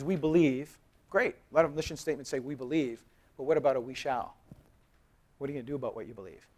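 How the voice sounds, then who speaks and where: Man, thirties, quick delivery, conference speaker, casual storytelling tone, chats with the audience. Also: mid-range voice. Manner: animated storytelling, acts out quoted dialogue; conversational, jokes with the audience. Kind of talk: live conference presentation. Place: conference hall.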